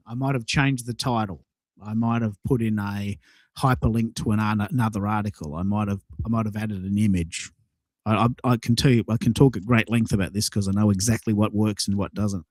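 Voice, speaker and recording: A man's voice: on the low side, moderate pace, no echo. A man co-hosting a podcast, talking casually and enthusiastically, often repeating and restarting words. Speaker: podcast co-host. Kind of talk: casual chat.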